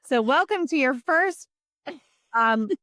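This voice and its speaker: A woman hosting a podcast in casual chat, talking warmly and loosely with many fillers. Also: high voice, animated, takes it slowly, dry recording, studio quality. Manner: chatty, many fillers and you-knows. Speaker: podcast host.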